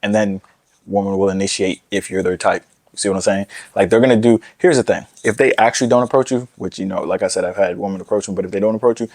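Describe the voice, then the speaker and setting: A man's voice: fairly low pitch, darkish tone, no room sound, studio quality. A young man talking casually to camera, giving blunt dating advice in a brash, profane way, often repeating himself.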